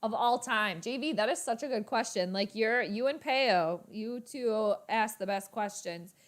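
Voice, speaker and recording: A young woman with a slightly high voice hosts a casual live reaction stream. She chats easily with her viewers and reads their comments aloud. Every so often she breaks into excited outbursts over the game. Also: unhurried.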